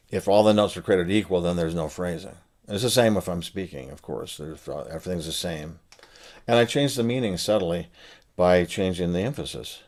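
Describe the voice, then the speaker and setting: An older man explaining musical phrasing in a relaxed spoken lesson, pausing with fillers as he thinks aloud. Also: deep voice. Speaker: saxophone teacher and author. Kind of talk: casual spoken lesson to camera.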